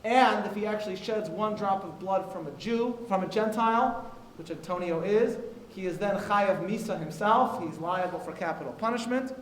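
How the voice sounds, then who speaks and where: A man's voice: high voice, moderate pace, few pauses. A man moderating a university discussion, reading out prepared remarks and quotations, with frequent "uh" fillers between phrases. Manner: reads quotes aloud with frequent "uh" fillers. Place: university auditorium. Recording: echoey hall with faint noise.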